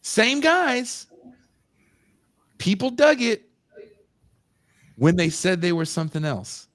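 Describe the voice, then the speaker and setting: A male podcast host telling a long story in a loose, profane, animated way. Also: sits high, slow pace, no room sound. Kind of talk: casual storytelling chat.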